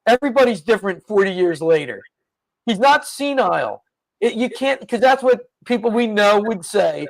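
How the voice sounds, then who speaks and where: A man's voice: very high voice, lively intonation, normal speed, vocal fry, no echo, low-quality recording. A man co-hosting a podcast in casual political chat, laid-back and agreeable, often laughing along. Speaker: podcast co-host.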